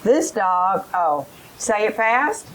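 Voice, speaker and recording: A woman's voice: mid-range voice, very animated, slow pace, fairly bright tone, a little hiss or hum, poor audio. A woman leading a teacher training session, giving directions and modeling phonics drills aloud.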